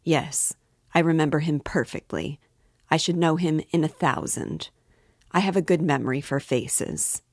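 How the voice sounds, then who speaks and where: A woman voicing a hearty, excitable young man in an audiobook reading, speaking eagerly and with emphasis. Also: deep voice, a little slow, no room sound, studio quality. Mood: earnest.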